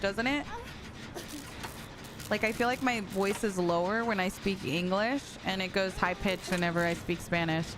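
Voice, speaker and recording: A woman's voice: medium pitch, noisy background. A young adult woman streaming a game, chatting casually and laughing easily, slipping between English and Spanish as she answers her chat. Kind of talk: casual live-stream chat while gaming. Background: background music.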